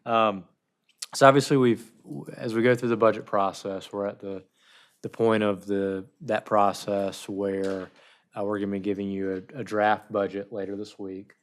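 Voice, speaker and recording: A man's voice: on the low side, level tone, moderate pace. A man giving the town manager's report at a council meeting, speaking off the cuff with fillers and restarts.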